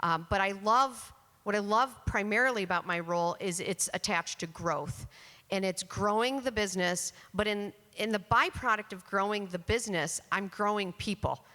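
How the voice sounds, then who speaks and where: A woman's voice: medium pitch, normal speed, pushed and bright. A middle-aged woman speaking on a conference panel, telling a story in a candid, chatty, self-deprecating way into a handheld mic. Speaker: panelist, chief marketing officer. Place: conference hall on stage. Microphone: handheld microphone. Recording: reverberant hall.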